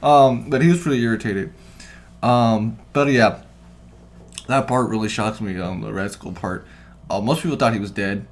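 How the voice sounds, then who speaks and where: A man co-hosting a podcast in casual chat, rambling and swearing, getting loud when he retells what people said. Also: lowish voice, normal speed, pauses often. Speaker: podcast co-host.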